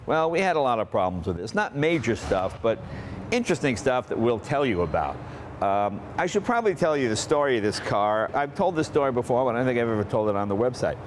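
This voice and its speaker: A man in his sixties from Massachusetts, hosting and telling a casual, animated story about cars. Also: medium pitch, brisk, slight background noise. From Massachusetts, USA. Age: 60s. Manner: chatty, animated, acts out family members' lines. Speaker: host.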